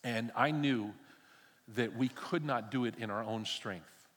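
A man's voice: medium pitch, a little slow. Older male preacher in an echoing hall. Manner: animated storytelling, acts out dialogue, humorous asides. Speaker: pastor. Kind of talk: sermon. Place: church stage.

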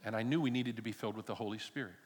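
A man's voice: fairly low pitch, racing, breathy edge. Older male preacher in an echoing hall. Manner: animated storytelling, acts out dialogue, humorous asides. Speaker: pastor. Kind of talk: sermon. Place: church stage.

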